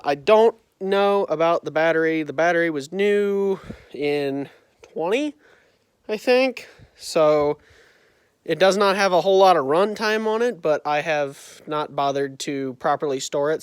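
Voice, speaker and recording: A man's voice: fairly high pitch, a little slow, clear, resonant tone, no room sound. A man vlogging about fixing an old tractor, his voice muffled by a face mask, rambling with unsure asides and self-corrections, recorded on a phone in a farm building. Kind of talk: casual talk to camera. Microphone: phone camera.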